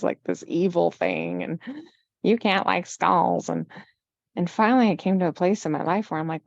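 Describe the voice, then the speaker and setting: A woman's voice: lowish voice, vocal fry, a little mellow, no echo, dull audio. A woman in her fifties, a podcast guest, speaking earnestly and reflectively in a candid conversation. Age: 50s.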